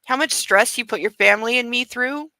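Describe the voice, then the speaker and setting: An earnest young woman scolds her lover gently in a soft, hushed voice that slips toward a whisper, read out by a woman. Her voice sounds bright and clear. The recording is close and dry, with no room sound. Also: on the high side, fairly quick, dry recording, rough recording. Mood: reproachful.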